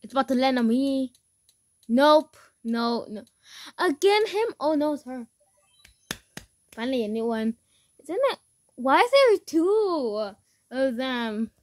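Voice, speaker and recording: Girl gamer voice, high and slow-talking, gets all squeaky and giggly when scared. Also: slight background noise. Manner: excitable, gasping and giggling, frightened squeals. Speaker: gamer recording her play. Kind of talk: casual gaming commentary.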